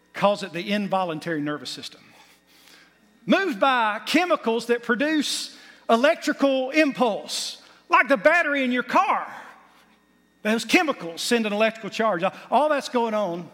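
A man's voice: high-pitched, pushed and bright. A man preaching a sermon as pastor, building to emphatic points with folksy asides. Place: church sanctuary. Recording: long hall reverb.

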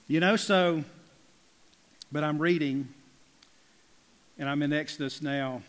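Guy preaching in a church, folksy and emphatic, kinda high voice, long hall echo. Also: slow, pauses often. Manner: folksy, emphatic preaching with big swings in loudness. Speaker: pastor. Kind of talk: sermon. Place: church sanctuary.

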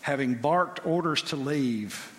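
Bright-voiced preacher in an echoing hall. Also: male voice, mid-range voice, slow. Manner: emphatic, rhetorical questions to the congregation. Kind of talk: sermon. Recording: long hall reverb.

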